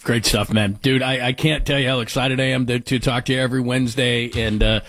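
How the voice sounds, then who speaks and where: A man's voice: mid-range voice, steady tone, brisk, a bit bright, no echo. A man hosting a sports radio show, wrapping up segments in an upbeat, effusive way. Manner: upbeat, effusive wrap-ups. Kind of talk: casual radio sports chat.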